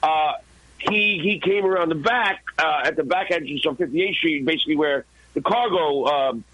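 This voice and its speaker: A man, a guest and former radio intern, telling an animated, profane story in a podcast interview. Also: fairly high pitch, moderate pace, slight background noise, poor audio. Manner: profane, excited, acts out his own shouts.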